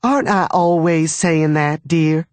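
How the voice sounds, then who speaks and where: A man voicing a bossy, gossiping middle-aged mother, in a sharp, domineering manner. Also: deep voice, a little slow, no room sound, voice pushed up. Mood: scolding.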